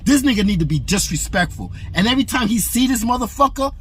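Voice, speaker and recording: Over slight background noise, a man runs a boxing commentary channel and rants to camera in a heated, profane, aggressive way, repeating himself. His voice is extremely high-pitched and fairly bright, animated and fast.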